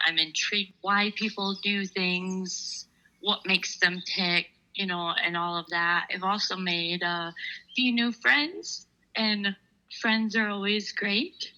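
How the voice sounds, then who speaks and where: A woman's voice: medium pitch, sharp tone, poor audio. A woman who researches and writes for a podcast, speaking earnestly and sincerely. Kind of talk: casual podcast chat.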